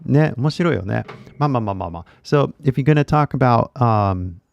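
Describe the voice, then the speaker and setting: A man's voice: mid-range voice, animated, quick pace, creaky, no echo, dull audio. A man with an American accent, an English teacher giving casual commentary in a loose, filler-heavy way with switches into Japanese.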